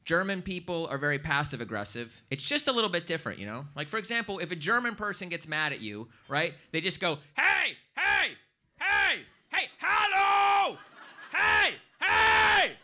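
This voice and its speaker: An American man doing stand-up comedy on stage, animated and bursting into loud, shouted impressions. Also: on the high side, quick pace, few pauses. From United States. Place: stage before a live audience.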